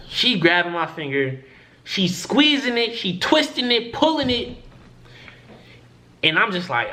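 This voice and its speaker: A young man vlogging a story, swinging his voice up and down as he acts out the people in it. His tone is bright and forceful, and he keeps the talk loose and profane. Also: sits high, very animated, moderate pace. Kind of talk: casual storytelling to camera.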